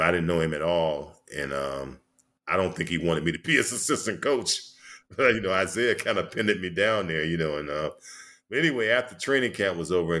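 A man's voice: low voice, a bit bright. A man in his sixties, a former basketball player and coach, telling long rambling stories in a casual interview, full of "you know" fillers.

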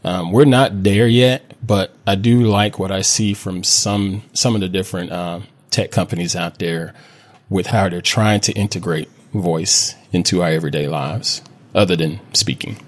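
A man who is a guest on a casual tech podcast, relaxed and good-humored. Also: low-pitched, normal speed.

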